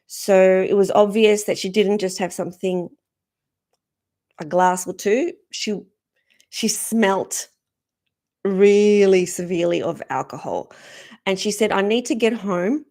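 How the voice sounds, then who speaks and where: A woman, a spiritual speaker, earnestly recounting a personal story in a gentle, reflective way. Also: mid-range voice, takes it slowly, pauses often. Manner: earnest, gentle, acts out quoted dialogue.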